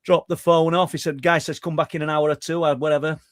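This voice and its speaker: A man with a Yorkshire accent and a slightly high voice talks at a quick pace, a middle-aged guest researcher from Yorkshire, England, telling a long story in conversation. Animated and talkative, he stumbles and restarts often, captured in clean studio sound with no echo.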